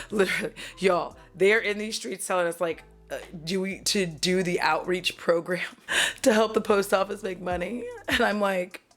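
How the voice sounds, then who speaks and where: Woman, casual storytime, profane, laughing often, middle pitch, faint music behind. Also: moderate pace, fairly bright tone. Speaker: mail carrier.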